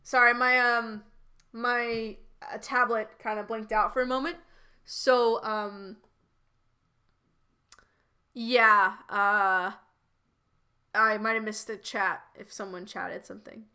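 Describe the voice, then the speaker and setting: A woman's voice: a little high, fairly even intonation, slow, pauses often, bright, forceful tone. A woman streamer reading fanfiction aloud live and chatting through it, laughing and stumbling over restarts.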